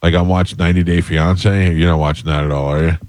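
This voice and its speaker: A deep-voiced man in his fifties spins anecdotes in a relaxed group chat. He leans into exaggerated disbelief when he retells things. The sound is close and dry. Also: quick pace, dry recording. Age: 50s. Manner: animated storyteller, exaggerated disbelief. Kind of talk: casual chat.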